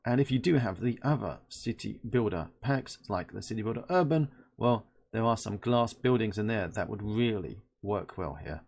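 A man's voice: lowish voice, expressive, normal speed, creaky, few pauses, a little mellow. A man from London giving a chatty, playful asset review and thinking aloud as he works. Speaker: host reviewing game assets. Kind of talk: casual screen-recording review.

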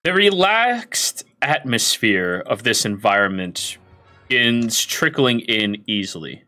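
A male game master narrates a tabletop game with a lively, varied pitch. His voice is bright and clear, and faint music plays behind him. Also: slow pace. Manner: animated, descriptive storytelling.

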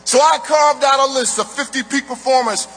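A man's voice: very high-pitched, moderate pace, bright, forceful tone. A man giving a live motivational speech in rhythmic, emphatic oratory, building on a repeated refrain. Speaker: motivational speaker. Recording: reverberant hall, faint music.

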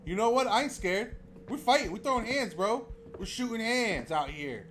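Young man, game streamer, high voice, very lively delivery, excitable, laughing and yelling. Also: moderate pace, a little hiss or hum. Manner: excitable, laughing, shouting reactions. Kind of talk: live gameplay commentary.

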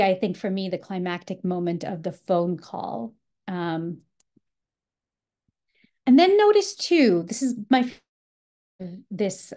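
A woman's voice: medium pitch, warm tone. A woman leading a writing workshop, explaining literary passages in a thoughtful, explanatory way with frequent fillers such as "um" and "you know.".

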